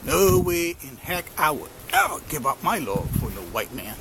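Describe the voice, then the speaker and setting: A man's voice: on the high side, sing-song, normal speed, pushed and bright. An indignant, resentful man, as a storyteller plays him, speaks in a defiant tone. A noisy outdoor background sits behind him. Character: resentful man who refuses to share.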